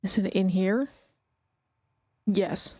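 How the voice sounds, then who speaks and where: A woman's voice: mid-range voice, steady tone, extremely slow, mellow, no room sound. A woman streamer chatting casually to herself while playing a game. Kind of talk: casual gameplay commentary. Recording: dull dry stream mic.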